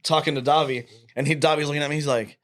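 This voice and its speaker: A man's voice: on the high side, steady tone, fast talker, fairly bright tone. A man in his thirties, a podcast guest telling stories in casual, profane chat and laughing often.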